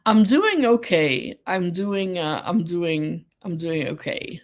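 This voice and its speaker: A woman's voice: lowish voice, lively intonation, slow pace. A woman hosting a casual livestream, chatting with viewers, giggling often and greeting people by name. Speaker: livestream host.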